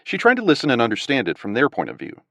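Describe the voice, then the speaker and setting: A man narrating an audiobook in an expressive, scripted reading. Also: mid-range voice, fast, vocal fry, no echo.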